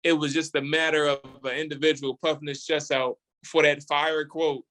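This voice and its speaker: Animated male sports podcaster. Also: fairly high pitch, normal speed. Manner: animated and opinionated, repeats words while building a point. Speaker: podcast host, guest on the show. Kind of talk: casual sports radio talk.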